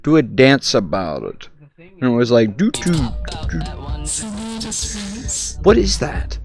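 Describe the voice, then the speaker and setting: A man streaming a social VR game, talking in a profane, teasing and excitable way over a headset mic. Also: mid-range voice, a little slow, gravelly, music in the background. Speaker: VRChat streamer. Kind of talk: casual game chat.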